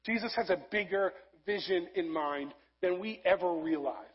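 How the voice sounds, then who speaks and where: A man preaching a sermon, rising to loud emphasis and dropping to soft, low passages. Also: normal speed, husky, dull audio. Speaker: pastor.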